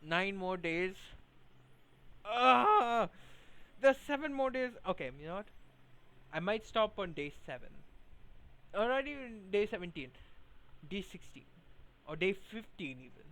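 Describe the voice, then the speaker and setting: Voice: medium pitch, sing-song, a little slow, long pauses, fairly bright tone, rough recording. A game streamer reading a narrative game aloud and chatting with self-mocking asides between the lines. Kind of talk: casual let's-play commentary.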